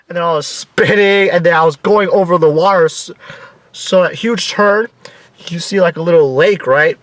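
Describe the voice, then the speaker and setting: A young man casually telling a story in an excitable, animated way, swearing now and then and acting out his own screams. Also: sits high, normal speed, a little hiss or hum. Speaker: vlogger.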